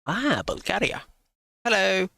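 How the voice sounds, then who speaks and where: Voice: medium pitch, very animated, a little slow, gravelly, bright, forceful tone, no echo. A streamer giving sarcastic live reaction commentary into a close desk mic, swearing freely.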